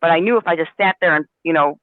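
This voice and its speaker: A man's voice: fairly high pitch, fast talker, no room sound. A man earnestly telling a personal story in a casual spiritual discussion, with many restarts. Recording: dry, tinny phone line.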